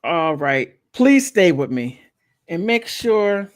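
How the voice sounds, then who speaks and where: A woman's voice: on the low side, big pitch swings, slow pace. A woman hosting her own channel, talking casually while she browses online, thinking aloud with many restarts. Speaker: channel host.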